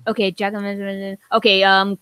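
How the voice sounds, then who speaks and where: A woman co-hosting a podcast in casual chat, halting and full of restarts as she gathers her thoughts. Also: mid-range voice, completely flat delivery, bright, forceful tone, clean tone, no echo. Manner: halting, many fillers and restarts. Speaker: podcast co-host.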